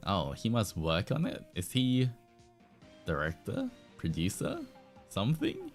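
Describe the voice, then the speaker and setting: Brief: young male streamer, casual game commentary, slow pace, lively swinging pitch. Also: soft background music. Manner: puzzled, laughing, thinks aloud.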